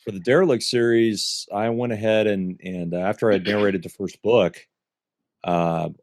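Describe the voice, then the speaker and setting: A man co-hosting a podcast, talking casually in a halting way, thinking aloud with many fillers. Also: on the low side, fairly even intonation, a little mellow, no echo, clean studio sound. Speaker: podcast host.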